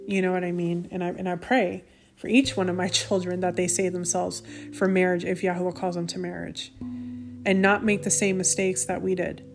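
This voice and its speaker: A woman's voice: on the low side, level tone, moderate pace, vocal fry. Woman podcast host, 30s-40s, indignant casual monologue over faint background music. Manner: indignant, talks with many restarts and asides.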